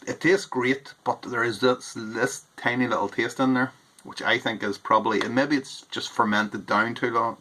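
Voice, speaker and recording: A man's voice: medium pitch, bright, forceful tone. A man hosting a homebrewing video, giving a casual beer tasting review in a rambling, hedging way, as if thinking aloud. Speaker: homebrewer host.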